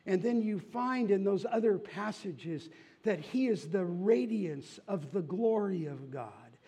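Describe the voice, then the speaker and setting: A man preaching a sermon, telling a story slowly and rising in volume for its dramatic moments. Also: expressive, crowd noise. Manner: tells a story slowly, rising loud and high for shouted voices. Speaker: pastor.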